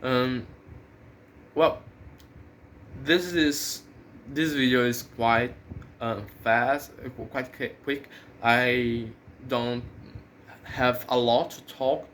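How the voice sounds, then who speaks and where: A man who is not a native English speaker talks unhurriedly to his own channel in a casual vlog. He pauses often and restarts his sentences as he thinks aloud. Faint background noise sits under the recording. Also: medium pitch, steady tone, fairly bright tone. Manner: hesitant, many fillers and restarts, thinking aloud. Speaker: channel host.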